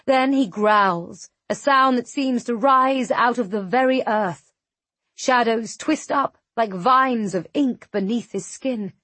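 A woman narrating a fantasy audiobook in the first person, measured and tense. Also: on the high side, a bit bright, no echo.

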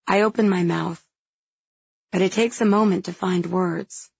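A woman reads a first-person fantasy story aloud in a soft, intimate manner. Her low voice is very breathy, with a gravelly fry. The dry, close recording sounds slightly dull. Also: steady tone, measured pace, no echo. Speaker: audiobook narrator.

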